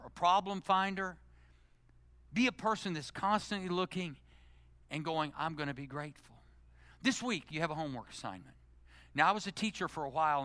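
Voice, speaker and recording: A middle-aged male pastor delivering a sermon, swinging from loud, emphatic exhortation to hushed, intimate prayer. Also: a little high, smooth, no room sound. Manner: animated preaching, climbing to loud emphasis then dropping to hushed, intimate prayer.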